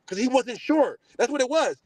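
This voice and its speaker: Young male podcast host, high and lively pitch, boastful and profane rant, dry close sound. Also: normal speed, no room sound. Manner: animated, boastful, profane, swings between loud and low mutters. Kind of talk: heated casual podcast rant.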